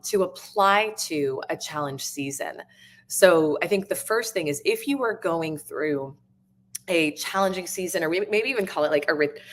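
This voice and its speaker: A woman hosting a podcast, giving a reflective, earnest motivational talk from a live stream, with many fillers and restarts. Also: sits low. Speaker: podcast host and business coach.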